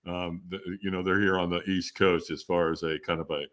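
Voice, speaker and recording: A middle-aged man, a podcast guest, telling animated stories with frequent laughs and acted-out dialogue. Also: deep voice, a little fast. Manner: animated storyteller, laughs often, acts out quoted dialogue. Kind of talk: storytelling interview.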